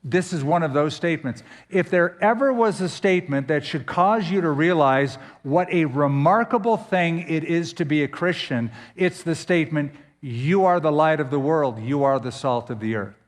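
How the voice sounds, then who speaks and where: A man preaching a sermon as pastor, emphatic, with dramatic pauses and sudden swings in pitch. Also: lively intonation, big-room sound.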